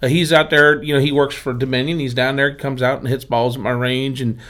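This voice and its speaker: A Pennsylvania man who runs a driving range chats casually, talking a little fast in a mid-range voice. His anecdotes are animated, with the quotes acted out.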